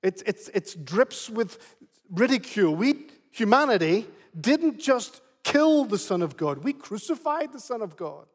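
High-voiced preacher in a reverberant hall. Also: male voice, big pitch swings, unhurried. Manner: emphatic, repeating phrases. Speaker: pastor. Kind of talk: sermon.

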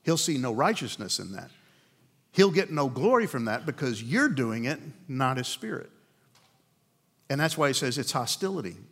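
A man preaching a sermon to a men's group, earnest and asking rhetorical questions, slowing down to land key points. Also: medium pitch, big pitch swings, fairly bright tone.

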